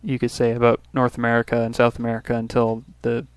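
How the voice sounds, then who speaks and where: A man's voice: mid-range voice, completely flat delivery, quick pace, clear, resonant tone, no echo. A man from Canada hosting a let's play, casually thinking aloud through his turns with restarts and little asides. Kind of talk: casual gameplay commentary.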